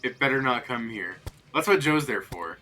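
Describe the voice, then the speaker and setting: Bright-voiced man streaming a game. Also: mid-range voice, moderate pace, faint music behind. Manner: excitable, laughs often, jokey. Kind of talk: casual gameplay chat.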